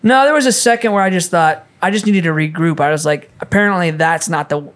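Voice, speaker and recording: A man's voice: sits high, fast. Chatty man with a raised voice. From Minnesota. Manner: animated storyteller, swears freely. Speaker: podcast guest, musician. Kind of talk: casual chat.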